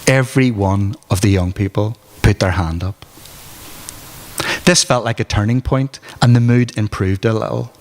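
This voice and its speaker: At a book launch in an arts centre hall, a Northern Irish man reads from his memoir with dry, wry storytelling. His fairly low voice is a little mellow and moves at a moderate pace, echoing in the reverberant hall.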